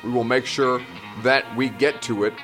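A man's voice: medium pitch, steady tone, moderate pace, fairly bright tone, faint music behind. A male podcast host giving a heartfelt, thankful sign-off to his listeners, a little emotional. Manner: earnest, thankful, slightly emotional.

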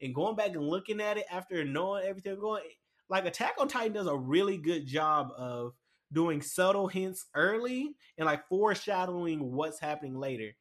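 A man chatting casually and excitedly about a show, rambling with lots of fillers and restarts. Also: sits high, normal speed. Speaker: anime commentator. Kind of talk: casual chat.

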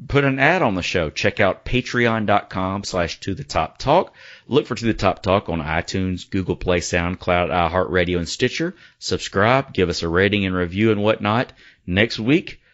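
Deep-voiced man hosting a podcast. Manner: chatty, joking, upbeat plugs. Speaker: podcast host. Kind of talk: casual sports podcast chat. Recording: slightly dull lo-fi sound.

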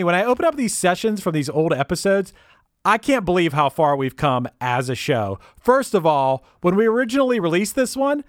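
A man introducing a podcast episode as its producer, his voice bouncing up and down with a fairly high pitch. He talks in an upbeat, playful way and drops in jokes. The sound is dry and close. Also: dry recording. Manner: upbeat, playful, jokey asides.

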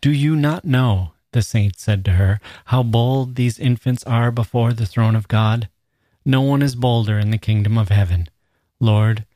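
Man reading a solemn old monk elder, warm low tone, dry sound. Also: no echo. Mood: consoling.

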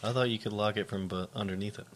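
A man's voice: fairly low pitch, fairly even intonation, quick pace. A man co-hosting a podcast in casual chat, making dry, teasing remarks. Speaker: podcast co-host.

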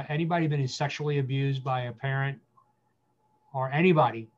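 A man speaking as a guest pastor, giving earnest counsel with emphatic repetition, slowing down to stress key phrases. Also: medium pitch, steady tone, lo-fi sound.

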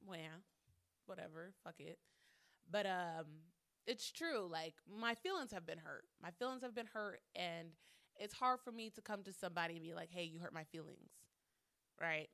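A woman's voice: fairly low pitch, expressive, normal speed, fairly bright tone, smooth. A woman hosting a solo podcast monologue, talking candidly with frequent swearing and repeating lines for emphasis. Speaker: podcast host.

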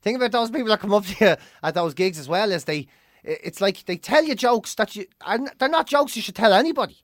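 A man's voice: high-pitched, animated, no echo. Irish comedian guy ranting, swears a lot, bouncy voice all over the place, dead dry room. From Ireland. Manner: profane, ranting storyteller with quick mimicry. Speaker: podcast co-host, comedian. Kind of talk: casual chat.

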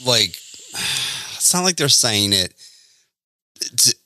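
A man telling rambling stories in a relaxed podcast chat, swearing and breaking into laughter. His voice is sharp and bright with lively pitch swings. The sound is dry, with no room echo. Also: extremely slow. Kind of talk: casual chat.

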